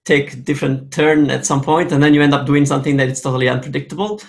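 A man's voice: medium pitch, fairly even intonation, fast, vocal fry. Italian-accented male interview host. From Italy. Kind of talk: casual interview.

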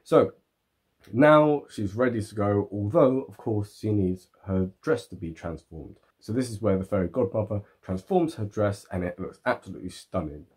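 Husky man reviewing a film. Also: fairly low pitch, animated, moderate pace, darkish tone. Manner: rambling, filler-heavy, seeks agreement.

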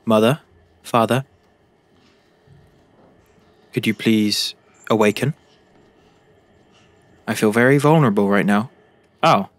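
Speaking slowly and pausing often, a young British gaming YouTuber offers jokey commentary while addressing the characters in his game. His voice is fairly low, and the recording has no echo.

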